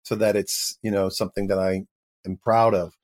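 A man's voice: fairly low pitch, normal speed. A middle-aged male actor, a guest on an interview show, telling a funny story and acting out the people in it. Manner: animated storyteller acting out dialogue. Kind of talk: interview anecdote.

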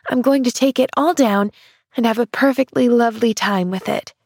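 For a storybook reading, a woman raises her voice above her natural pitch to a high-pitched little girl, cheerful and eager. With lively intonation at a measured pace, she gushes breathlessly and exclaims. The clean studio sound carries no room noise.

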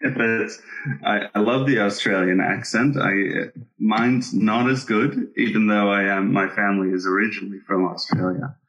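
A man with a fairly low voice hosts the conversation and tells a story in a casual way, pausing often on fillers. He sounds somewhat distant from the microphone. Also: fairly even intonation, a bit bright, dull audio. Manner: casual, with frequent fillers and hesitations.

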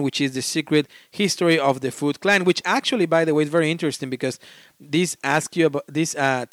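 A man's voice: mid-range voice, dry recording, studio quality. A man hosting a casual solo board game podcast, talking in an enthusiastic, rambling way and often restarting and apologizing for his pronunciation.

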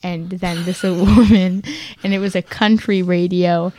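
A woman co-hosting a podcast in casual chat, a lively storyteller who laughs often and acts out the people she quotes. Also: lowish voice, measured pace, no echo. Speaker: podcast co-host.

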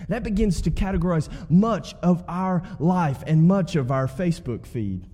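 A guest pastor preaches in a chatty, call-and-response way. He is a man with a fairly high pitch and a dark, mellow tone. His voice rings out with the long reverb of a church sanctuary. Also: animated, normal speed. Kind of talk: sermon.

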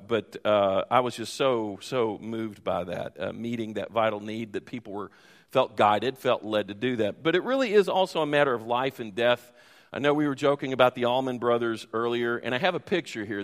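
Middle-aged male pastor, rambling anecdotal sermon, mid pitch, long church-hall echo. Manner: rambling anecdotal storytelling with many fillers. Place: church sanctuary.

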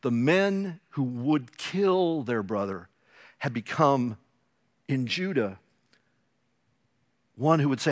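A male pastor preaching a sermon, telling the story with animated drama and joking asides. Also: mid-range voice, takes it slowly, pauses often.

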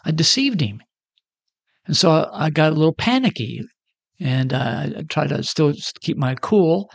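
A man's voice: on the high side, expressive, normal speed, gravelly, husky, no echo. A man in his sixties telling a personal story in a casual, self-deprecating way and acting out the dialogue. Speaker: storyteller giving a personal testimony.

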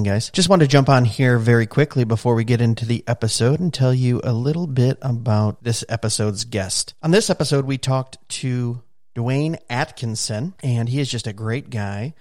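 A man's voice: mid-range voice, darkish tone, no room sound, clean studio sound. A man hosting a podcast, introducing the episode in a loose, chatty way with fillers and asides. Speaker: podcast host.

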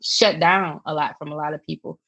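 A woman's voice: deep voice, fairly even intonation, brisk, pushed and bright, no room sound. A woman author talking as a guest in a casual interview, speaking candidly and hesitantly with many fillers.

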